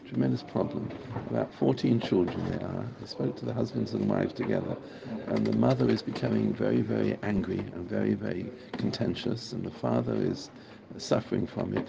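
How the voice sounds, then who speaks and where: A man's voice: fairly low pitch, gravelly, background noise. A man teaching a Torah class in a casual, enthusiastic way, repeating phrases for emphasis. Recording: muffled recording with a crowd audible.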